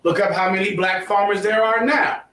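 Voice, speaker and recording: A man teaches a history class, lecturing emphatically and preachily while quizzing his students with questions. His high voice holds a steady, sharp tone at a moderate pace, recorded in an echoey room with the mic far away.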